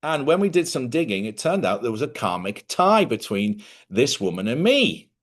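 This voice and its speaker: A middle-aged man hosts a casual spiritual talk for his viewers, speaking at an ordinary pitch. He rambles in a chatty way, corrects himself mid-sentence and often laughs. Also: big pitch swings, moderate pace. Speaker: host.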